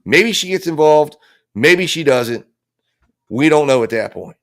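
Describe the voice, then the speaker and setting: A true-crime trial commentator with a fairly high, animated voice covers a murder trial live at a slightly slow pace. He builds his theory with impassioned heat and acts out the lines he imagines people saying.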